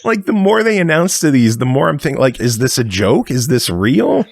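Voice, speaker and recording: A man's voice: medium pitch, very animated, moderate pace, vocal fry, dry recording, studio quality. A man hosting a casual gaming podcast, running through the week's news with fillers and the odd swear.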